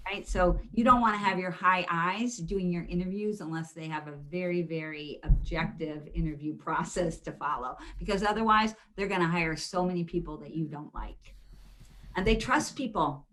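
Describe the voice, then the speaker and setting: Woman presenter for a video call webinar; lively storyteller who acts out quotes. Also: fairly low pitch. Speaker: presenter, hiring trainer.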